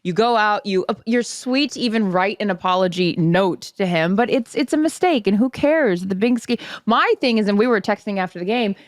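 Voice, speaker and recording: A woman's voice: mid-range voice, a little fast, few pauses, no echo, studio quality. A woman co-hosting a podcast, reassuring her friend in supportive, rambling casual chat. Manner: reassuring, supportive, talks in run-on thoughts. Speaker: podcast co-host.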